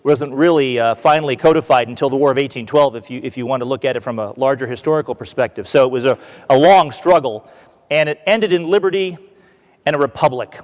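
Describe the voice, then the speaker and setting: An American man giving a conference talk as a keynote speaker, an animated storyteller who acts out what the crowd shouts. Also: medium pitch, fast, in a large hall. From United States. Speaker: keynote speaker, retired army colonel. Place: large conference hall.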